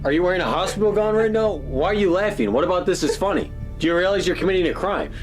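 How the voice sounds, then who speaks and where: A man's voice: high voice, expressive, fast. A young man in a scripted investigation video, talking casually and questioning people with bro slang. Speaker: paranormal investigator. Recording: background music.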